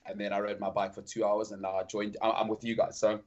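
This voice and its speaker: A South African man chats as a podcast guest, relaxed and often repeating words as he gathers his thoughts. His voice comes through slightly muffled audio. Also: fairly low pitch, quick pace. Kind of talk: casual chat.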